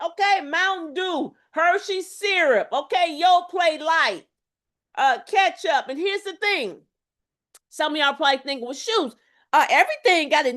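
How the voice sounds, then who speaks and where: Woman, high voice, health coach, motivational lecture, emphatic, preachy, animated. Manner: emphatic, preachy, calls to the audience with repeated "y'all" and "okay?"; animated, shifts between loud exclamations and low asides.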